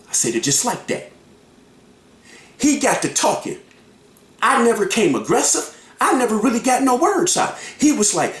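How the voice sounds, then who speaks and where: A man's voice: sits high, big pitch swings, normal speed, a bit bright, echoey room. A man giving heated reaction commentary, emphatic and repetitive, acting out quotes in his own voice. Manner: emphatic, repeats himself, acts out quotes.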